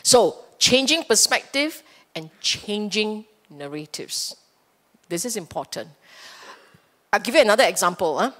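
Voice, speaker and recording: A woman teaching the Dhamma in Singaporean-accented English, in a middle pitch for a woman. She is playful and animated, slips into little acted-out inner voices and keeps checking in with her listeners. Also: measured pace, pauses often. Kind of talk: Dhamma talk to a live audience. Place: Buddhist temple hall.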